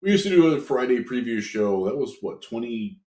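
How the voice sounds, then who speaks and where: A man co-hosting a live-stream podcast, chatting in an easygoing way with fillers and pauses. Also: medium pitch, very animated, darkish tone. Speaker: podcast co-host. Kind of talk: casual live-stream chat. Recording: roomy echo.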